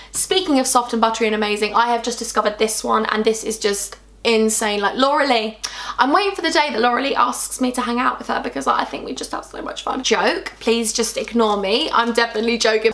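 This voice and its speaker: Young woman beauty vlogger, bubbly and effusive, slightly high voice, casual chatty delivery. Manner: gushing, excitable, self-deprecating. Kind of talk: casual chat.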